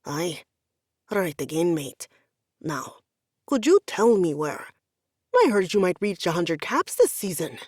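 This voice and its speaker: A woman narrator puts on a big, commanding Scotsman with a thick Highland brogue, his low voice brisk and officious. The storybook read sits dry and close to the mic, with little room around it. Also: very animated, darkish tone, dry recording, full character voice. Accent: Scottish Highland. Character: commanding deep-voiced Highland rugby star man. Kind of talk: audiobook character voice.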